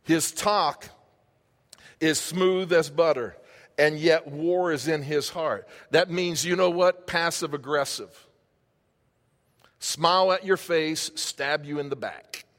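A man's voice: fairly high pitch, slow pace, a bit bright. A man preaching a sermon as pastor, impassioned and conversational, talking straight to the congregation. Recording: long hall reverb.

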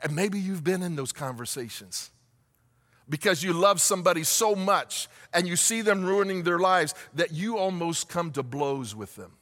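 A man preaching a sermon in a high, bright voice, his words ringing out in a long hall reverb. He speaks as a pastor, firing rhetorical questions at the congregation and building to shouts. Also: normal speed.

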